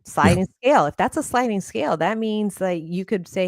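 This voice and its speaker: A woman's voice: medium pitch, expressive, moderate pace, few pauses, no room sound, studio quality. A woman therapist, a guest on a podcast, talking in an earnest, encouraging way. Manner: earnest, encouraging, laughs often. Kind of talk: casual interview talk.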